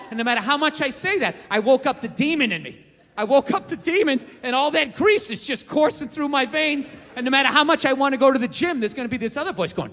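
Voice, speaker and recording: High, bright-voiced ranting comedian man. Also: expressive, quick pace. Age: 40s. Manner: ranting, profane, incredulous. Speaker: stand-up comedian. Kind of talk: stand-up comedy set. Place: large theater stage. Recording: live theater, long reverb, crowd and noise.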